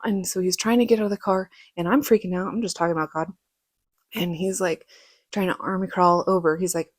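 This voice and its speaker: A woman vlogger telling a personal story casually, acting out quoted lines in a higher, louder voice. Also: steady tone, quick pace, no room sound, studio quality. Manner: casual, many fillers like "like".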